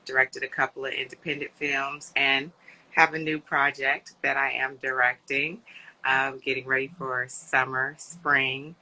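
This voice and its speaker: Bright cheerful woman guest. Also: extremely low pitch, little pitch movement, a little slow, rough recording. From United States. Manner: cheerful, giggly, with many ums. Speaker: guest actress and director. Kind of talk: live online interview.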